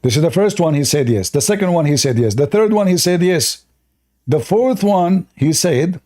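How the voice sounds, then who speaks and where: Guy hosting, mocking and sarcastic, a bit high-pitched, soft warm tone. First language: Arabic. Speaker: host. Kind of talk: polemical debate commentary.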